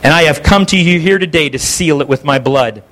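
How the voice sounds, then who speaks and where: A man preaching a sermon, voicing the prayerful last words of a steadfast male preacher who faces his death calmly and earnestly. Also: on the high side, fairly quick, lightly acted.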